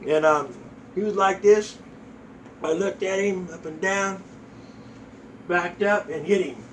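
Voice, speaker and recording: A man's voice: high-pitched, takes it slowly, distant mic, slight background noise, poor audio. Profane older man telling crude jokes. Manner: profane, folksy storytelling, acts out voices.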